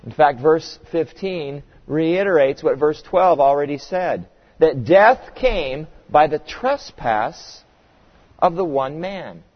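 A man's voice: fairly high pitch, animated, slow pace. A man preaching a sermon as pastor, earnest and emphatic, asking the congregation rhetorical questions. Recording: dull audio with long hall reverb.

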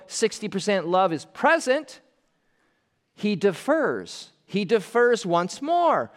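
A man preaching with a high, animated voice that swoops up and down as he presses each point. He is earnest and emphatic, slowing down to stress key phrases and dropping to a softer tone for weight. A long hall reverb trails behind his words, as in a large church sanctuary. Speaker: pastor. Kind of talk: expository sermon.

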